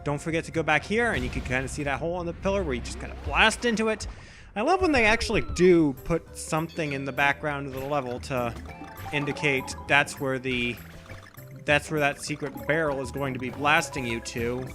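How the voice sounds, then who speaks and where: A man's voice: fairly high pitch, brisk. A young man giving casual, rambling let's play commentary, often correcting himself as he thinks aloud. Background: game music.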